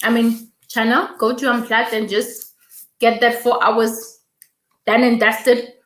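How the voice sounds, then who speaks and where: A woman's voice: a little high, little pitch movement, takes it slowly, reverberant. A woman hosting a casual YouTube live stream, chatting, reading viewer comments aloud and repeating her thanks.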